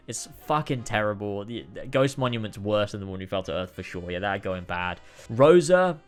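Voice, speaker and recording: A man giving casual, exasperated ranking commentary, swearing and sighing often. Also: fairly low pitch. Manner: exasperated, frequent swearing and sighs. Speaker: video creator ranking episodes.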